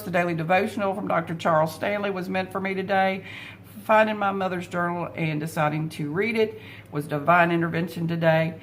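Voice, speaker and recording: A middle-aged woman talking at her desk at home in a casual personal vlog, unhurried and heartfelt, pausing often on fillers. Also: fairly low pitch, slight background noise. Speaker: vlogger.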